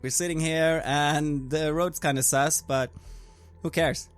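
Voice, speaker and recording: A bubbly, carefree young woman student from California, as a man plays her in his own voice. She rambles along chattily with a smooth, clean tone. It is in-character tabletop role-play. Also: fairly high pitch, steady tone, a little slow, faint music behind, lightly acted.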